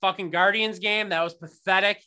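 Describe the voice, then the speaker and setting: A man's voice: sits high, fairly even intonation, moderate pace, bright, forceful tone, clear, resonant tone. Ranting sarcastic man in his thirties. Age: 30s. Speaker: podcast co-host. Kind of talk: casual sports chat.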